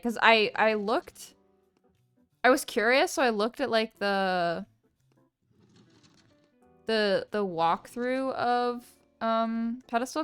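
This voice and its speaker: A woman's voice: mid-range voice, smooth, no echo. A woman hosting a blind let's play, rambling casually as she comments. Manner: rambling, lots of "like" and restarts.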